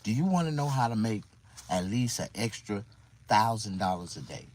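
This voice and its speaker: Male livestreamer, somewhat low voice, loose rambling chat, repeats words in mock confusion. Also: expressive, moderate pace, darkish tone, rough recording. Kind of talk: casual livestream talk to viewers.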